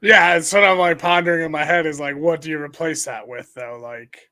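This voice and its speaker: A man's voice: a little high, fairly even intonation, brisk, pushed and bright. A young adult man co-hosting a podcast, teasing his partner in casual sports banter with hesitant restarts. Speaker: podcast co-host.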